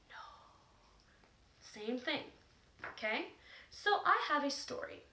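Lively high-voiced woman teaching children. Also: normal speed, long pauses, echoey room. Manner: encouraging, sing-song, talking to young children. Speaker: music and movement teacher. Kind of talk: children's class lesson.

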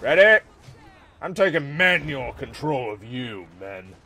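An American man giving casual joking commentary over a war strategy game, talking to his soldiers and sometimes yelling at them. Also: fairly high pitch, big pitch swings, unhurried, background noise. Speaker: gameplay commentator. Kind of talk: casual let's-play commentary.

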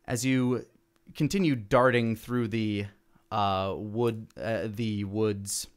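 A man narrating a tabletop fantasy game as dungeon master, relaxed, with fillers and restarts. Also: lowish voice, takes it slowly, smooth.

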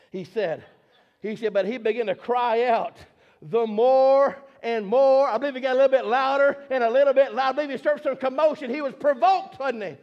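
A man preaching a fervent sermon, repeating phrases and rising to shouts. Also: extremely high pitch, highs cut off.

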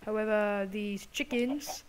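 A woman's voice: mid-range voice, takes it slowly, slight background noise. A woman hosting a gameplay video, chatting to viewers while putting on an exaggerated British accent. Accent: put-on British. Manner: chatty, apologetic asides to viewers. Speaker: gaming channel host. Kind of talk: gameplay commentary.

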